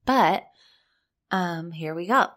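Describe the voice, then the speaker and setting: Woman, slightly low voice, blunt, sarcastic, casual commentary, reads documents aloud. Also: expressive, slow, fairly bright tone. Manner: blunt, sarcastic, swears freely. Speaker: commentator reading court documents.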